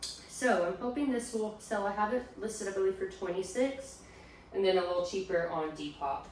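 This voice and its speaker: A woman's voice: mid-range voice, steady tone, moderate pace, a little mellow, slight background noise. A young woman chatting casually as she shows off her thrift haul, talking from a distance in a room at home, trailing off with fillers as she sorts items. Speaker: reselling vlogger, stay-at-home mom. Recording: very echoey room, off the mic.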